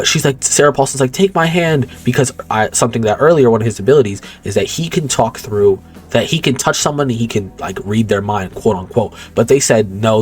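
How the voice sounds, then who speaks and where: A man's voice: medium pitch, a little mellow. A young man with an ordinary mid-range voice tells a film's plot in a loose, rambling way. He talks in slang and swears freely, backtracking to fix his own mistakes. Faint music plays underneath. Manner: rambling, slangy and profane, correcting himself as he goes. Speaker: movie commentator. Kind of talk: casual movie recap.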